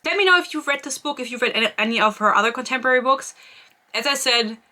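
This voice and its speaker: Young woman, casual book review vlog, sarcastic and rambling, slightly high voice, sharp tone. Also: expressive, fast. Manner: sarcastic, rambling, swears freely.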